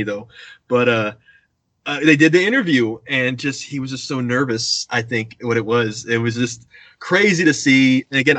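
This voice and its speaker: Male storyteller, animated, close dry sound, acts out quotes. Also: mid-range voice, no echo. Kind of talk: casual anecdote telling.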